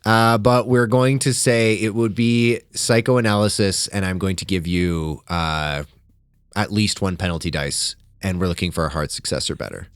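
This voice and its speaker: Brief: deep-voiced male game master, casual and descriptive. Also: normal speed, smooth, no echo, clean studio sound. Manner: relaxed, filler-heavy narration with asides. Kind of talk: narrating a tabletop horror game.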